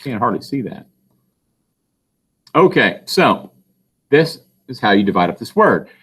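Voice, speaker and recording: A man's voice: mid-range voice, very animated, measured pace, fairly bright tone, breathy edge. A male teacher giving a phonics lesson, patiently asking questions and answering them himself. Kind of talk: recorded classroom phonics lesson.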